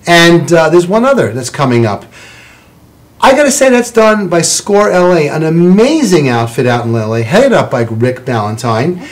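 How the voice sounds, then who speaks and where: A man's voice: fairly high pitch, very animated, moderate pace. A man hosting a studio talk show, praising his guests in an effusive, rambling way. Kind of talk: chatty studio interview. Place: television studio.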